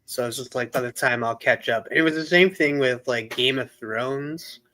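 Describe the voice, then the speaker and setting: Male guest, mid-pitched, easygoing, filler-heavy casual talk. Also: moderate pace, noisy background. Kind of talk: casual stream chat.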